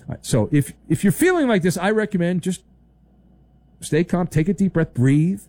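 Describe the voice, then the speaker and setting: Animated sarcastic male sports radio host. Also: high-pitched, moderate pace, no room sound. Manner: sarcastic, animated, mocking voices for effect. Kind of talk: opinionated sports talk monologue.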